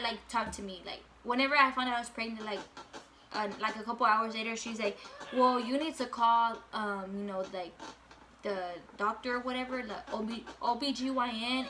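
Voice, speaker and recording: A woman's voice: a little high, sharp tone, slight background noise. A young woman vlogger telling a casual storytime, full of fillers and swearing.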